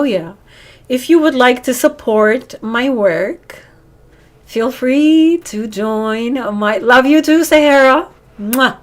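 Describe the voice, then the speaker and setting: Female stream host, slightly high voice, earnest preachy delivery. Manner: earnest, preachy, addresses viewers as honey. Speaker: livestream host. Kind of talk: casual live-stream talk to viewers.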